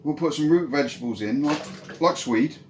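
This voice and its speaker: A man's voice: fairly high pitch, normal speed, slight background noise, natural voice. A man doing a cheerful coaxing soldier. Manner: upbeat, coaxing, hesitant restarts. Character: cheerful, resourceful male soldier cooking stew. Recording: roomy echo.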